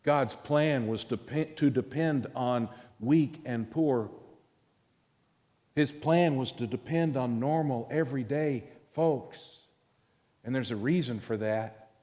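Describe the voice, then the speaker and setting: A male pastor with a drawl preaches in a deliberate, unhurried way, leaning hard on single words. His mid-pitched voice rings out through a big church hall with a long echo trailing after each phrase. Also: dark tone. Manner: slow, emphatic preaching with stressed words and pauses. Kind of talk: sermon. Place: church sanctuary. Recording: long reverb of a large hall.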